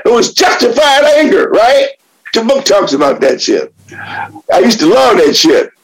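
A man in his seventies sharing his personal story at a recovery meeting, cursing freely, laughing often and swinging between loud outbursts and quiet reflection. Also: extremely high pitch, poor audio. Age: 70s. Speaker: AA meeting speaker.

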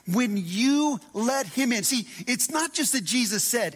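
A man preaching a sermon as a pastor, animated and dramatic, acting out scripture voices and dropping to hushed tones. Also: very high-pitched, moderate pace, hardly any pauses. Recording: long hall reverb.

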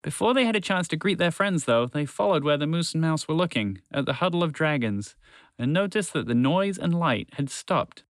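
Male storyteller, children's story, lively, smooth resonant voice, close dry sound. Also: a little high, moderate pace, no echo.

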